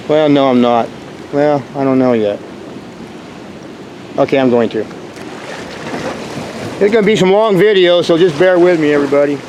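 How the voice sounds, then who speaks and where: Male vlogger, outdoor handheld narration on a shoreline, excitable rambling delivery, faint wind noise. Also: on the high side. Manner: rambling, exclamatory, bursts into whoops. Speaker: vlogger exploring rock formations. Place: rocky shore outdoors at low tide.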